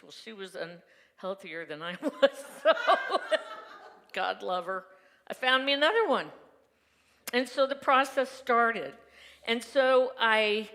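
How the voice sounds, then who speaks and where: A woman's voice: mid-range voice, a bit bright. Woman preaching in a reverberant hall. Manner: candid and conversational, laughs often. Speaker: reverend giving a Sunday message. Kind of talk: personal testimony sermon. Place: church sanctuary.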